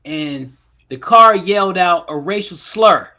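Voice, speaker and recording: A man with a bright, forceful voice pitched a little high, co-hosting a casual podcast. He tells loose, joking stories and breaks into laughter as he goes. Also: lively intonation, unhurried. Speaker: podcast co-host.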